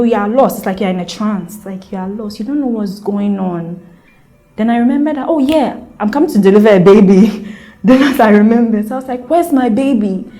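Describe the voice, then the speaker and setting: A young Ghanaian woman with a warm, mid-range voice tells the story of her own birth. She speaks earnestly and with emotion, voicing the people she quotes.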